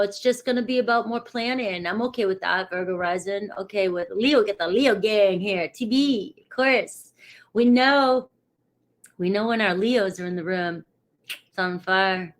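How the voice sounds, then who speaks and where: A middle-aged woman from New England talks casually on her live tarot stream. She rambles easily and calls out viewers by name. Her pitch sits in the middle range. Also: unhurried. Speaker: tarot reader.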